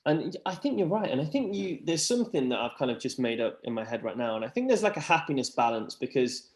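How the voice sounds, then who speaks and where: A man's voice: medium pitch, big pitch swings, quick pace. A man chatting earnestly about mental health, rambling with lots of fillers. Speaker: podcast guest. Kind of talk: casual chat. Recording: roomy echo.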